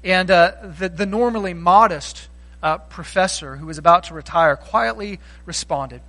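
A man delivers a conversational sermon. His voice sits high and sounds bright and forward. He slips into the voices of the people he quotes. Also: normal speed, rough recording. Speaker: pastor.

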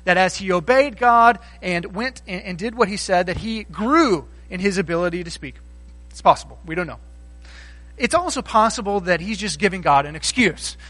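A man delivers a conversational sermon. His voice sits high and sounds bright and forward. He slips into the voices of the people he quotes. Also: rough recording. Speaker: pastor.

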